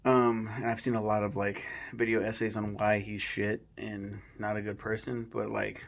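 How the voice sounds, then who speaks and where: A man's voice: fairly low pitch, flat delivery, moderate pace, vocal fry. A young man giving blunt, profane, mocking commentary on rappers in a casual chat. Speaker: channel host.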